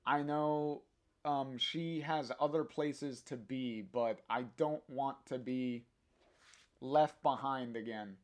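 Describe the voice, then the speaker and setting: A man's voice: mid-range voice, slow, close to an everyday voice. A man voicing a weary young woman punk artist, reading her lines plainly and hesitantly. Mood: downcast. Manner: read plainly, hesitant with fillers.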